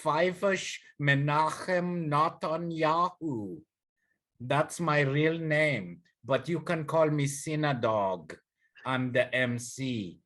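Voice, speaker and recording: A man's voice: a little high, takes it slowly, fairly bright tone. A man playing a boastful male party MC, rambling and bragging.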